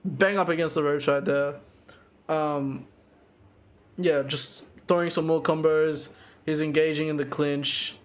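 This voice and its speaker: A young man casually narrating footage of his own amateur Muay Thai fight, excited and slangy, full of restarts and sound effects. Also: fairly high pitch, a little slow. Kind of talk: casual fight breakdown commentary.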